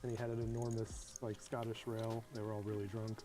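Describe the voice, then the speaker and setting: Relaxed male poker player chatting. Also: on the low side, brisk, over music. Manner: relaxed, anecdotal. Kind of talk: casual table chat.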